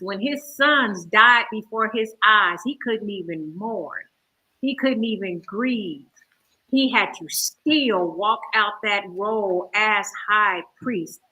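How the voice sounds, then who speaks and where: A woman hosting a casual Bible discussion, talking in an animated and emphatic way. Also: mid-range voice, poor audio. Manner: animated, emphatic, hollers with laughter. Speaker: host.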